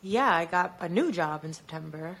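Woman podcast co-host, low gravelly voice, relaxed and joking. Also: moderate pace. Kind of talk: casual chat.

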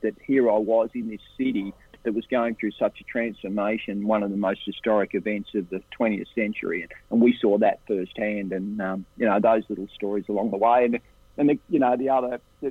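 An Australian man, an interview guest, tells casual anecdotes in an animated way. He lifts his voice into higher impressions of the people in his stories. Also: no echo. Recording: tinny phone line, dry and husky.

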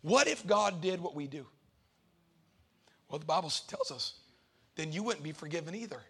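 Fiery high-voiced preacher. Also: male voice, normal speed, breathy edge. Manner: animated preaching, swings from loud to hushed; playful asides to the congregation. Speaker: pastor. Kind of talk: sermon.

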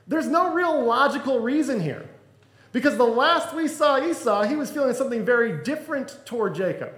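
A man preaching as pastor, retelling a story with humor and animated acted-out quotes. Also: high voice. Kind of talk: storytelling sermon. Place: church hall. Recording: echoey room.

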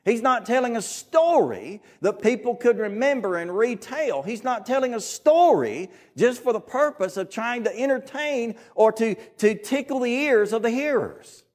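High-voiced earnest Southern preacher. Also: male voice, lively intonation, moderate pace, hardly any pauses. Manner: earnest, emphatic, repeats key phrases. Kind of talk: sermon.

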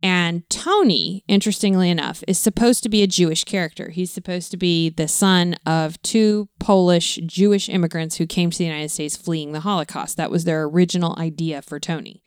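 A middle-aged woman patiently explains background facts during a family film chat. Her voice sits a little low and sounds smooth and resonant. The recording is close and dry. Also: steady tone, brisk, few pauses, no room sound. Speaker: co-host, parent. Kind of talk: casual film discussion.

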